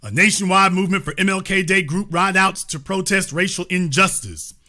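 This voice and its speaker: A man hosts a commentary show, reading news items aloud and stopping to push back with blunt remarks. His voice sits high and bright, and he drives his points with repetition and pointed rhetorical questions. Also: fairly quick.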